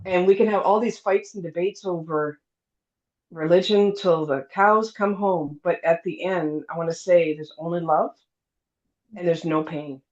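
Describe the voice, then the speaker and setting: A woman's voice: on the low side, a little slow. A middle-aged woman, telling a personal story in a casual interview, acting out the other people's lines and using lots of fillers. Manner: lively storyteller, acts out quoted dialogue, many fillers. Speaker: guest telling her near-death story. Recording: dull lo-fi sound.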